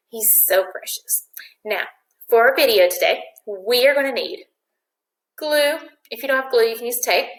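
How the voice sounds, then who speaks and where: A woman's voice: a little high, normal speed. Echoey-voiced woman teacher guiding small children. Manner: patient, clear step-by-step instructions. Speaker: first-grade teacher. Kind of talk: video craft lesson for young children. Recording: echoey room.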